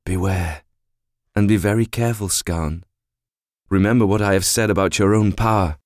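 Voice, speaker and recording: A man doing an ethereal mother spirit in a fantasy audiobook, soft and hushed as she gives grave counsel. The voice stays near the reader's own low tone, quiet and close in a dry recording. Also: fairly even intonation, moderate pace, no room sound, close to an everyday voice. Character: ethereal motherly female spirit, gentle and wise. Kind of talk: audiobook character voice.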